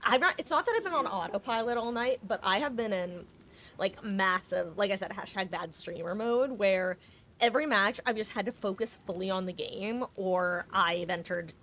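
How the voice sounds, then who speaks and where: A woman's voice: mid-range voice, animated, normal speed, fairly bright tone, slight background noise. A woman streaming a video game, chatting casually in a goofy, rambling way, sometimes talking while she eats, with stuffy allergies. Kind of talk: casual gaming stream chat.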